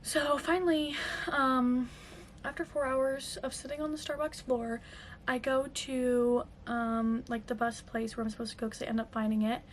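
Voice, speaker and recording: A young woman with a high voice chats through a storytime for her vlog, full of "like" and filler words. The recording has a faint hiss of background noise behind her. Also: steady tone, normal speed. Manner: chatty, lots of fillers and "like". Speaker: vlogger. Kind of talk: casual storytime chat.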